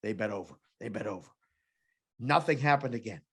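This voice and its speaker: A man co-hosting a betting podcast in casual chat, a former oddsmaker who tells an animated story and acts out the people in it. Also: lowish voice, a little fast, breathy edge.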